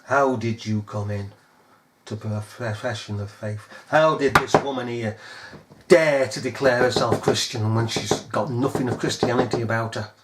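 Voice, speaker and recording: A man's voice: medium pitch, steady tone, moderate pace, background noise. A man preaching a fiery sermon, scolding his listeners with pointed rhetorical questions.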